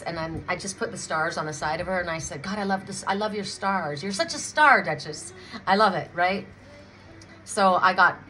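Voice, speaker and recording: A woman's voice: lowish voice, bright, forceful tone, low-quality recording. A middle-aged woman from Canada giving a casual spiritual tarot reading, emotional and chatty, often restarting her sentences and laughing. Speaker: tarot card reader.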